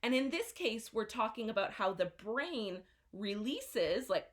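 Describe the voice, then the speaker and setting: Slow, lively-voiced woman teaching vocabulary. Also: a little high. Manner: slow, careful explanations with repeated modeled pronunciations. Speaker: English teacher. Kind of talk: vocabulary lesson. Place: classroom at a whiteboard.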